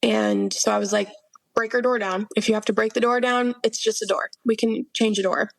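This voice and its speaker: Gravelly young woman telling her story. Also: fairly high pitch, steady tone, fairly quick, no echo. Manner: earnest storytelling, many fillers like "like" and "um", acting out quoted dialogue. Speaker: podcast guest. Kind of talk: personal testimony in an interview.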